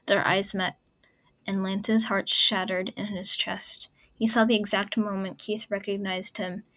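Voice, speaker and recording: A woman reading a story aloud in a soft, whispery, intimate voice. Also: mid-range voice. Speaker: fan fiction reader. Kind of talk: hushed story narration.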